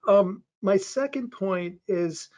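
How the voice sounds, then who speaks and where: A man with a fairly high voice talks on a panel in a loose, rambling way. He restarts sentences often and leans on fillers as he goes. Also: slow, a little mellow. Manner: does playful voices for quotes. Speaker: panelist on a real estate crowdfunding webinar. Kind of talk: conversational panel talk.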